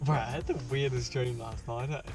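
A man's voice: mid-range voice, a little fast, over music. A young man telling a rambling, profane dream story to a friend in casual chat. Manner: rambling, profane, animated retelling full of "like".

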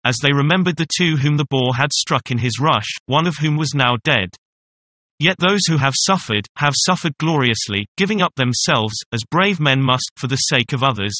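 A man narrating an old Greek legend in a steady storybook reading, speaking the quoted lines in his own voice. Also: mid-range voice, dry recording. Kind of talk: scripted narration of a classic tale.

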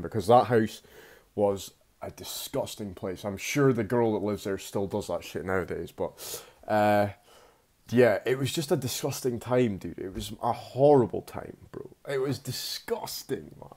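A young man recounting a story in a loose, rambling way, laid-back and peppered with slang and swearing. His voice sits a little low. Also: a little slow, a little mellow. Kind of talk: casual spoken storytelling.

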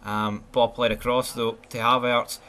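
A man with a Scottish accent giving live, foul-mouthed gameplay commentary, swinging between excited yelling and glum muttering. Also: medium pitch, measured pace. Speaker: gaming channel host.

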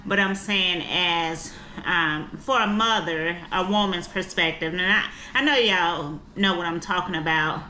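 A woman's voice: lowish voice, a little slow, few pauses, bright, forceful tone, slight background noise. A middle-aged woman vlogging in her kitchen at home, rambling and chatty, calling her viewers cousins. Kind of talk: casual chat to camera.

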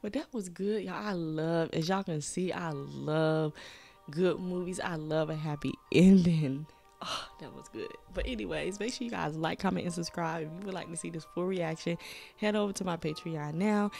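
A young woman, a movie reaction host who chats excitedly and keeps calling her viewers y'all. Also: fairly low pitch, normal speed, vocal fry, faint music behind. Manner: exclamatory, addresses viewers as y'all. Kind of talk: excited casual reaction chat. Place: home room.

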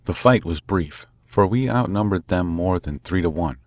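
A man narrating a classic story in a measured, dramatic way. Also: deep voice, expressive, dry recording. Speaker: audiobook narrator. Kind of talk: scripted narration.

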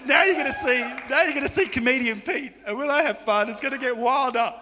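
A man with an Australian accent preaching a lively, joking sermon as pastor, often shouting, in a large church hall. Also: very high-pitched, quick pace. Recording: long church hall reverb.

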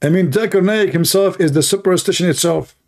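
A male Christian apologist from the Middle East, whose first language is Arabic, offers mocking commentary and anecdotes in a dry, sarcastic manner. His voice is described as mellow and gravelly, yet also high-pitched and brisk.

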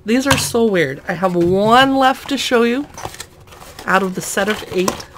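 A woman's voice: medium pitch, measured pace, slight background noise. A woman casually narrating a toy unboxing, chatty and amused, often laughing at the items.

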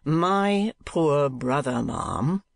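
A man's voice: mid-range voice, normal speed, creaky, no echo. Male narrator as a cold, curt miserly uncle; sneering, businesslike, dry recording.

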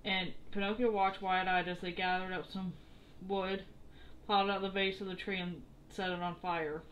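A woman reads a children's story aloud in a steady, expressive narrating voice. Her pitch sits in a middle range. A faint hiss runs beneath the recording. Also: normal speed, rough recording. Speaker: storybook reader.

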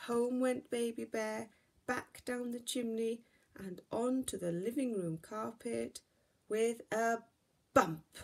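A woman teacher reading a picture book aloud for story time, slow, gentle and expressive. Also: fairly high pitch, gravelly.

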